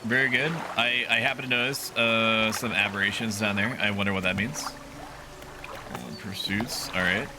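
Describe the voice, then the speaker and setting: A man's voice: on the low side, steady tone, normal speed. Profane, rambling man streaming a game. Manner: rambling and profane, talks to chat. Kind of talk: casual gameplay commentary. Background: game music.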